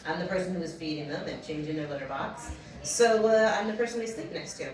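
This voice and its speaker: A young woman telling a funny personal story on a comedy stage. She talks in an animated way, laughs often and acts out the voices in her story. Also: fairly low pitch, fast talker. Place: small comedy venue. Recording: roomy distant mic with audience. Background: audience laughing.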